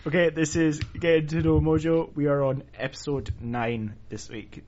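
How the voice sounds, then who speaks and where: A man hosting a casual podcast chat, easygoing and quick to laugh. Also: fairly high pitch, flat delivery, a little mellow. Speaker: podcast host. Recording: dull lo-fi sound.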